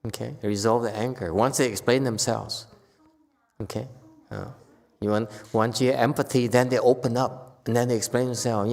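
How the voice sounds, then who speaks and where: A man giving a casual Buddhist talk to a group, with loud bursts when he acts out quoted lines. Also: medium pitch, fairly even intonation, brisk, creaky, big-room sound. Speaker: Buddhist teacher. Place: temple hall.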